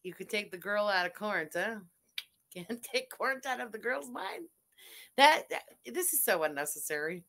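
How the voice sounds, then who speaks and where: A woman streamer giving loud, animated, swearing reaction commentary while watching a video, laughing often. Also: mid-range voice, moderate pace. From Canada.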